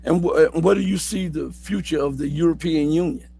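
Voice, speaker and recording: A man hosting a live stream interview, asking long, halting questions. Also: a little high, creaky, dark tone, husky. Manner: halting questions with many fillers and restarts. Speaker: host.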